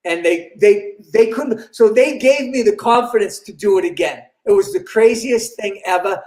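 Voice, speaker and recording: A man's voice: high voice, moderate pace, echoey room. An older man with a Boston accent, a comedian telling stories with lots of laughter and character voices. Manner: lively, laughs often, slips into character voices. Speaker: comedian guest. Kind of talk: animated storytelling.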